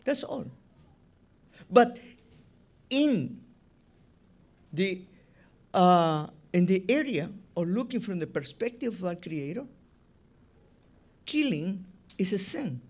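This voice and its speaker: Slow, high-voiced rabbi preaching. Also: male voice, big pitch swings, a little mellow. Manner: emphatic, repeats words, non-native phrasing. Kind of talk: sermon.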